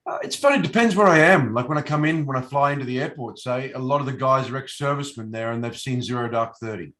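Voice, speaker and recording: A man's voice: mid-range voice, fast talker, fairly bright tone. Rambling man, actor guest. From Australia. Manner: rambling, hesitant, many fillers and restarts. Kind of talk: casual interview chat.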